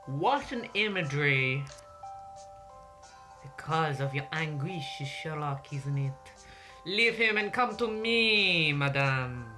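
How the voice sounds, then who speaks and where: A woman voicing a suave, teasing male French detective with a put-on French accent, drawling theatrically over loud game music. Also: low voice, expressive, takes it slowly. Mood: seductive.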